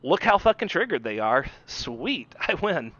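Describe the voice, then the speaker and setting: A man co-hosting a podcast in casual chat, wry and sarcastic with quick asides. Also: on the high side, big pitch swings, a bit bright, no room sound. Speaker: podcast co-host. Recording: dull lo-fi sound.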